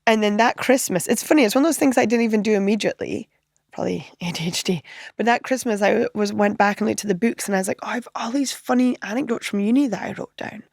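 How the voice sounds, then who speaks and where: Woman comedian on a podcast, storytelling w/ lots of voices and laughs, bit of vocal fry, dry close sound. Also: mid-range voice, quick pace, dry recording. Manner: animated anecdotes, acting out other people's lines, frequent laughter. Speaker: comedian guest.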